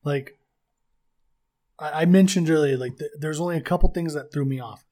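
An enthusiastic man co-hosting a casual chat, rambling and laughing at his own points. His voice sits a little high. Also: moderate pace, dark tone. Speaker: podcast co-host.

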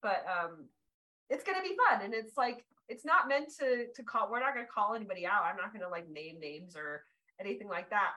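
A woman hosting a podcast in casual chat, excitable and talkative, quick to tear up when she gets excited. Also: mid-range voice, rough recording. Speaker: podcast host.

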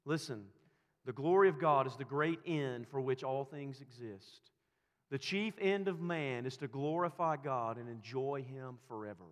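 A man's voice: mid-range voice, unhurried. A man preaching a sermon as pastor, building emphasis through repeated, rising phrases. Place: church sanctuary. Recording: long reverb of a church hall.

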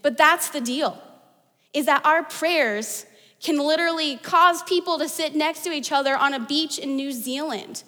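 A woman's voice: high voice, normal speed, fairly bright tone, long reverb tail. A woman pastor from the United States preaching a sermon in a chatty, storytelling way. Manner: conversational, storytelling with fillers like "like".

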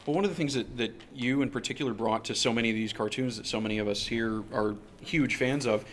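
A man's voice: medium pitch, quick pace, a little hiss or hum. A man interviewing a guest in a conversational, admiring way. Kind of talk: interview questions.

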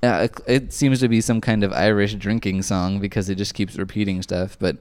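A man's voice: lowish voice, fairly even intonation, brisk, hardly any pauses, a little mellow, clear, resonant tone, no echo. A man co-hosting a podcast in casual chat, wry and prone to tangents. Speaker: podcast co-host.

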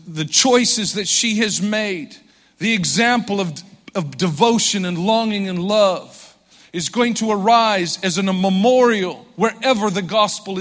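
A man preaching a sermon, moving between hushed, intimate passages and rising, fervent emphasis. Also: high-pitched. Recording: long hall reverb.

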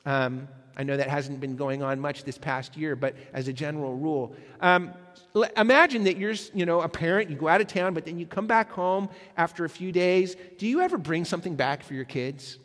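A man's voice: on the high side, fairly quick, a bit bright. Preaching man in a reverberant hall. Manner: conversational preaching with hesitant fillers. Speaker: pastor. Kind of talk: sermon.

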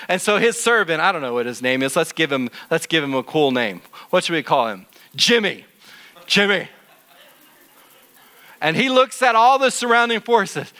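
A middle-aged man teaching in church, telling a Bible story to children in an animated, jokey way. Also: high-pitched, moderate pace, clean tone.

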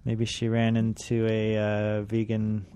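A man's voice: fairly low pitch, monotone, slow pace, dark tone, clean tone, no room sound. A man co-hosting a radio show, hesitant with many fillers and making dry quips. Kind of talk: casual radio banter.

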